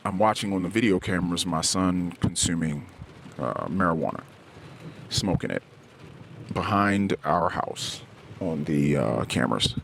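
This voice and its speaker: Middle-aged male podcast host, very low voice, halting confessional delivery, quiet background hum. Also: expressive, vocal fry. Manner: halting and candid, frequent restarts and searching for words. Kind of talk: personal confessional podcast monologue. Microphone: podcast microphone, self-recorded.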